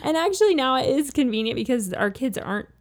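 A woman's voice: high-pitched, quick pace. A woman guest on a parenting podcast, chatting casually and telling stories about her kids with animation. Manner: animated storyteller. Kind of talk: casual chat, anecdote.

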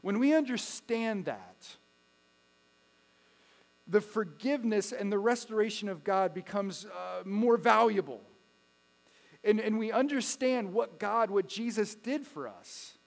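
A man preaching a sermon as pastor, dropping to hushed asides and rising to loud pleas. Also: sits high, a little slow, gravelly. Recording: long echo of a hall with mains hum.

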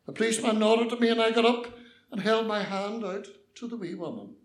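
A man's voice: sits high, fairly quick, reverberant. An older Northern Irish man telling a personal story with mischievous liveliness, acting out the voices.

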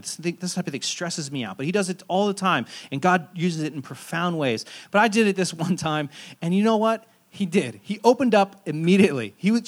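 A man in his thirties, a pastor preaching a sermon in a relaxed, conversational and self-deprecating storytelling way. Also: on the high side.

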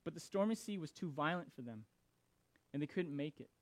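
Animated, fairly high-voiced male preacher. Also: fairly quick, no echo. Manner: animated, emphatic, repeats words. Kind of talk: scripture reading and sermon commentary.

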